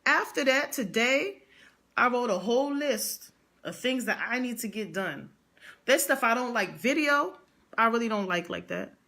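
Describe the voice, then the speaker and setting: A woman's voice: fairly high pitch, expressive, moderate pace, sharp tone. A young adult woman speaking, telling a motivational story with emphatic repetition and slang. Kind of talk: motivational vlog monologue.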